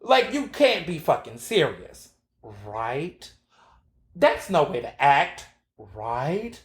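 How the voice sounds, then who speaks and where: A man hosts his own podcast, talking in a sassy, animated way with plenty of fillers and swearing. His voice sits a bit high. The room around him is noticeably echoey. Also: slow pace. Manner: sassy, animated storytelling with frequent fillers and profanity. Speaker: podcast host. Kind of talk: casual opinion monologue.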